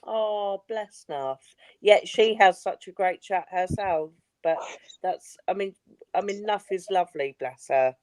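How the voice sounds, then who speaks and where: A woman's voice: mid-range voice, measured pace, no room sound. A woman in casual live-stream chat, swearing casually and praising friends. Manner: chatty, warm about friends, swears casually.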